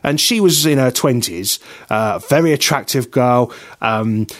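A man co-hosting a radio talk show, chatty and quick to laugh while telling stories. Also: mid-range voice. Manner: chatty, laughs often, lively storyteller. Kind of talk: casual banter.

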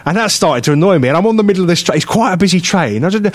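A man hosting a radio show, telling a story in casual chat, animated and quick to laugh. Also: sits high. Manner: animated storyteller who acts out other people's voices and laughs often. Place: radio studio.

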